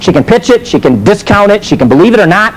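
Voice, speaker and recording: A man's voice: high voice, quick pace, a little hiss or hum, low-quality recording. A man preaching and teaching a sermon, telling stories and asking rhetorical questions. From United States. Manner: animated storytelling with rhetorical questions. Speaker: teacher and minister.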